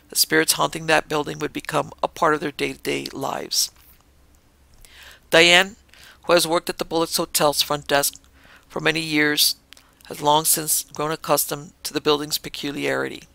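Gravelly bright-voiced male storyteller. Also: fairly high pitch, little pitch movement, no echo. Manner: measured, dramatic storytelling. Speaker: storytelling podcast host. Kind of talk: scripted narration.

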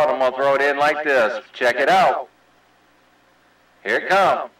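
A mid-pitched man runs a CB radio chat with friendly, joking banter and plenty of radio lingo. His voice sounds roomy and a little distant. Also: normal speed, fairly bright tone. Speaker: CB radio host.

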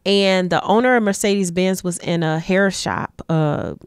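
A woman from Detroit, a guest in a casual interview, telling relaxed stories and laughing often. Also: fairly low pitch, a little slow, clear, resonant tone, no echo, clean studio sound. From Detroit, USA. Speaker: guest, community advocate.

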